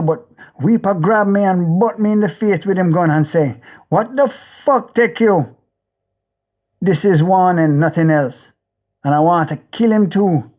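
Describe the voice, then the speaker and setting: Man, Jamaican accent, audiobook narration, intense, rhythmic, raised pitch, muffled lo-fi sound. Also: darkish tone. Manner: intense, rhythmic, driving repetition. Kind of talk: first-person audiobook narration.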